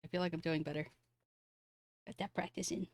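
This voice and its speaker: A woman streamer chatting casually with her viewers between game lines, self-deprecating and relaxed. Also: fairly low pitch, fairly quick, no echo, studio quality. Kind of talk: casual gaming stream chat. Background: game music.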